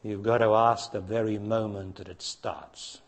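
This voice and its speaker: A man giving a spiritual talk to an audience, blunt and challenging, dropping to hushed tones and then rising to emphatic ones. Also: level tone, measured pace. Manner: blunt, challenging, preacher-like, asks direct questions; swings between hushed low passages and raised emphatic ones. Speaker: spiritual teacher.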